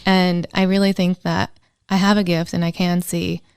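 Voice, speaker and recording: A woman talking as a podcast guest in a casual conversation, telling animated stories and acting out the voices of the people in them. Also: fairly low pitch, normal speed, clear, resonant tone, no echo, studio quality. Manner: animated storytelling, acts out quoted voices.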